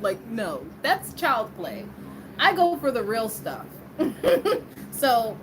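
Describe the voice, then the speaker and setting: A woman's voice: a little high, background noise. A woman in her twenties casually telling a story to the camera, laughing often and acting out the voices of the people in it. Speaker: vlogger.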